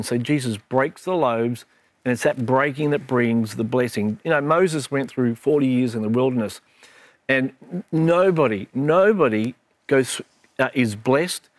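A man's voice: medium pitch, no echo. Earnest middle-aged man telling stories. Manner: earnest, reflective storytelling. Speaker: minister co-hosting with his daughter. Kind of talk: casual Bible discussion.

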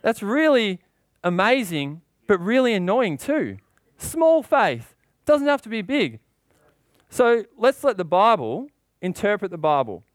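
A man's voice: big pitch swings, measured pace, no echo. A man preaching a sermon with passion, asking rhetorical questions and getting worked up as he goes. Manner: impassioned, rising in pitch when worked up.

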